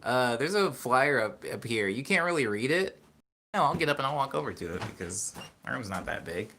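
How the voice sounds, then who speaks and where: A man's voice: medium pitch, very animated, brisk, pushed and bright, a little hiss or hum. A young man casually chatting on a live stream from his small bedroom, reading viewer comments and rambling with frequent self-corrections.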